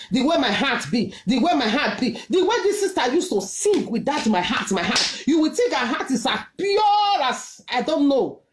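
Emphatic Nigerian woman preaching, lively pitch. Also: roomy sound. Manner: emphatic, repetitive exhortation in Pidgin-laced English. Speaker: prophetess preaching. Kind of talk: sermon with testimony.

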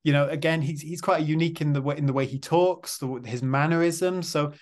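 Eager male interviewer, slightly high voice. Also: steady tone, brisk, darkish tone. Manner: enthusiastic, praising, stacks long questions. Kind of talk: interview questions.

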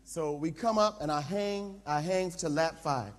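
A man preaching and telling a comic story, talking straight to the crowd in an animated way. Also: a little high, measured pace. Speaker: pastor. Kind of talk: humorous sermon storytelling. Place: large camp tent. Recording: long reverb in a large camp tent.

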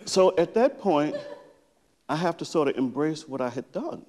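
A man's voice: a little high, moderate pace. A middle-aged man, a psychotherapist, giving a conference talk and telling a story by acting out how he reads to his daughter. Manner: storytelling, lively, acts out reading to his daughter. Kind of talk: conference presentation. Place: large lecture hall with reverb. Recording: long hall reverb.

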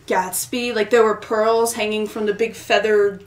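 A woman's voice: mid-range voice, flat delivery, normal speed, far from the mic. A young woman in her twenties, a guest on a podcast, telling a story in a bubbly, giggly way full of "like" and "oh my God". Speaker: guest singer-songwriter. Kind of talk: casual storytelling in an interview. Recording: roomy echo.

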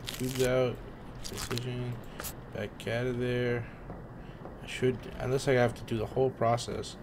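Young male streamer, mid-pitched, jumpy horror-game chatter full of slang and swearing. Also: measured pace, background noise. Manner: excitable, swearing, talks to the screen with slang. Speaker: gaming streamer. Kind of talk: casual horror game commentary.

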